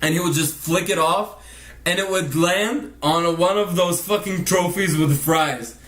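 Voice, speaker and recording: A man's voice: sits high, measured pace, a bit bright, echoey room. A man telling a rambling, profane story in casual vlog narration, laughing often. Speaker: vlogger narrating over a speed painting.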